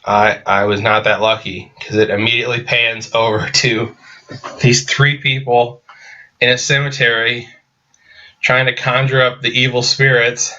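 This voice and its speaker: A man's voice: medium pitch, flat delivery, a little slow, pushed and bright, muffled recording. A man giving a casual, sarcastic movie review, rambling with stumbling restarts.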